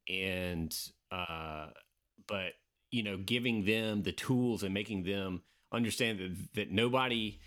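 A man talking casually in a measured, reflective way about parenting. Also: low voice, a bit bright. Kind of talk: casual chat.

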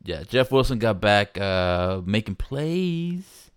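A man hosting a casual sports podcast, rambling and animated, often acting out quotes from players and fans. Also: on the low side, slow pace, clean tone, dry recording, studio quality. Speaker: podcast host.

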